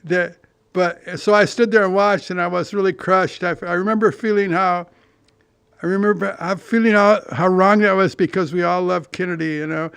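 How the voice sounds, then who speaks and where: A man's voice: high-pitched, steady tone, normal speed, creaky, a bit bright, smooth, no room sound. A man in his eighties from California hosting a podcast, telling meandering, self-deprecating stories with frequent restarts and the odd curse. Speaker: podcast host. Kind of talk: rambling monologue.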